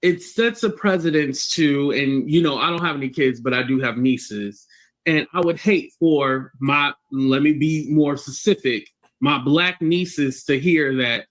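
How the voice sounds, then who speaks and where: A man with a slightly raised pitch shares his opinions in a relaxed, conversational way. He thinks aloud, building up to his point and then stating it plainly. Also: a little slow. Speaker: political commentator. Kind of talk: opinion commentary.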